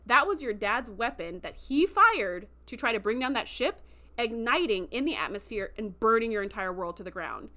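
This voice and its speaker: Brief: calm, firm woman starship captain, measured and bright, as a woman retells her lines. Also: a little high.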